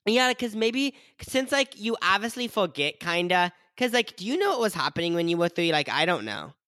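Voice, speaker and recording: A young man whose voice swoops up and down with lively energy. He chats on a casual podcast, giggling and filling every pause with "like." The sound is dry and close. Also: high-pitched, dry recording. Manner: giggly, says "like" constantly, trails off. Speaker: podcast co-host. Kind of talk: casual chat.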